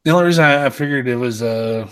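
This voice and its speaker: An ordinary mid-pitched male voice in loose, easy conversation. He meanders through his thoughts, restarts sentences, and chuckles along with his co-host. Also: quick pace, a bit bright, smooth. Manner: rambling, laughs at jokes, trails off mid-sentence. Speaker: podcast co-host. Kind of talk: casual chat.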